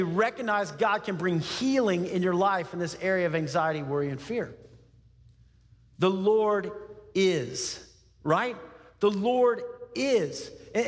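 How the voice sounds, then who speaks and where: A man delivering a sermon to his congregation, his voice sitting high for a man. He tells the story vividly, switching into voices for the figures he quotes and laughing often. The sound carries a long hall reverb. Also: expressive, measured pace. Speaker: pastor.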